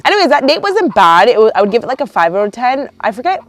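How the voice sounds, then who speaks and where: A woman's voice: fairly high pitch, very fast, hardly any pauses. Chatty young woman telling dating stories. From Canada. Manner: chatty and animated, lots of "like" and quoted dialogue. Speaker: vlogger. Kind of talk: casual storytime vlog. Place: outdoors near a yard with roosters and hens. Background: roosters and hens.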